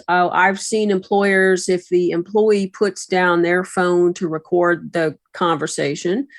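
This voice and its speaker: A woman attorney on a podcast, explaining workplace law in a measured, advisory way. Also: lowish voice, dry recording. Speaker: attorney and resident expert. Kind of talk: podcast discussion.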